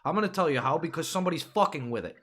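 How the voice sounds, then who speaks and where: A man's voice: fairly high pitch, animated, very fast, fairly bright tone. A man hosting a political podcast, ranting with profanity and rhetorical questions. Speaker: podcast host. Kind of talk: casual political podcast rant.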